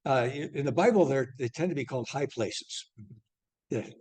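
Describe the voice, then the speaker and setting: An older man teaching an evening church class, talking his way through maps in a halting, rambling way. He stops and restarts often, with filler words. His voice sits at an ordinary middle pitch. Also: animated, darkish tone.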